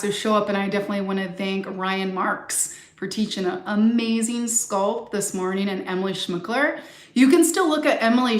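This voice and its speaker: A woman yoga and sculpt instructor wrapping up a live-streamed class, gushing thanks to her viewers and moderator. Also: mid-range voice. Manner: warm, gushing, effusive thanks. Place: yoga studio. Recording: roomy echo.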